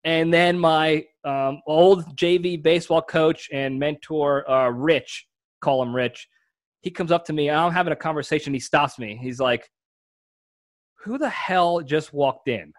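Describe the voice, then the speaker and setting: High-voiced man telling a funny story. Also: a little slow. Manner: animated storyteller, acts out voices and laughs. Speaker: podcast co-host. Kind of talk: casual comedic chat.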